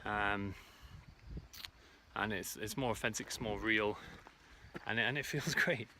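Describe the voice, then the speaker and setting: A man's voice: on the low side, a little slow, sharp tone, slight background noise. A man vlogging outdoors while hiking uphill, out of breath, talking in an earnest, rambling way about letting go of needing to be right. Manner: earnest, rambling, many fillers. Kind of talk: reflective self-help monologue. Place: outdoors on a hike.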